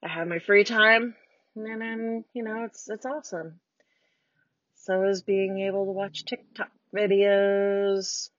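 A woman's voice: medium pitch, level tone, slow, no echo. Forties American woman podcaster, blunt and sweary, recorded dry and a bit muffled in her car. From United States. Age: 40s. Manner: blunt, swearing, heated and sarcastic. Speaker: podcast host. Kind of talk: casual solo rant. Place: parked car.

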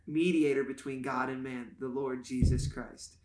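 This man speaks at a normal speed with a medium, slightly mellow voice and fairly even intonation. As a pastor co-hosting a podcast, he jokes and explains Bible passages with playful enthusiasm in a casual teaching chat, recorded in an echoey room.

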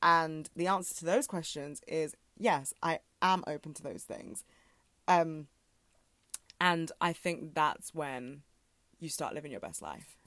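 Low-voiced woman, candid podcast musing. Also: unhurried, fairly bright tone, dry recording. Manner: candid, rambling, filler-heavy. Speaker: podcast host. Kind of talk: reflective solo podcast talk.

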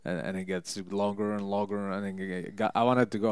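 A man's voice: on the low side, little pitch movement, a little fast, a little mellow, smooth, no room sound. A young man chatting casually, telling rambling, joking stories full of fillers and restarts. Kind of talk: casual storytelling chat.

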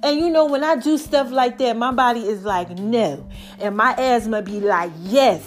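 A woman's voice: a little high, moderate pace. A woman hosting her own podcast in casual, chatty talk, out of breath and sighing between phrases, calling her listeners baby. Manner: lively, chatty, calls listeners baby and y'all. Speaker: podcast host.

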